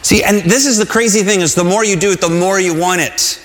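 Earnest man preaching in a reverberant hall. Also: high voice. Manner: earnest, conversational, with shouted cries and halting restarts. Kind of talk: sermon.

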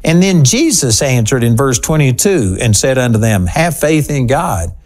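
Male TV preacher, mid-pitched, very animated delivery, dramatic pauses. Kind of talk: televised sermon.

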